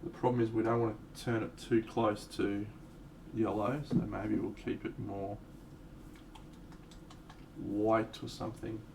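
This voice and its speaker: Faint background noise comes through a distant mic as a man livestreams his miniature painting, talking through his colour choices. His lowish, creaky voice is unhurried and pauses often. He rambles in a relaxed way, tossing in self-deprecating remarks.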